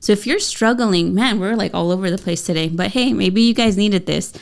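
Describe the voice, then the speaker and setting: A woman's voice: mid-range voice, brisk, creaky. A woman in her thirties co-hosting a casual parenting podcast, talking candidly and chattily with lots of fillers. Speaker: podcast co-host.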